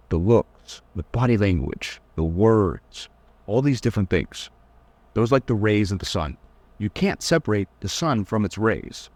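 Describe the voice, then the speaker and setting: A man's voice: on the low side, darkish tone, dry recording. A young man giving a casual, blunt dating-advice lecture, teasing his listeners and mocking them in whiny put-on voices.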